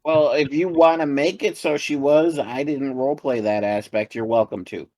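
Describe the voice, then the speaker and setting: A man playing a tabletop game and describing his character's actions in a relaxed, hesitant way. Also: medium pitch, normal speed, dry recording. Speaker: player. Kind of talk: tabletop game play, casual chat.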